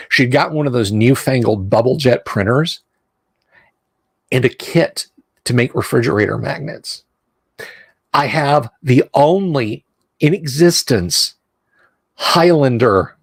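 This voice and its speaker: A man's voice: mid-range voice, no echo. A middle-aged man hosting a show, reading a game rulebook aloud and drifting into rambling, self-interrupting asides. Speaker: host.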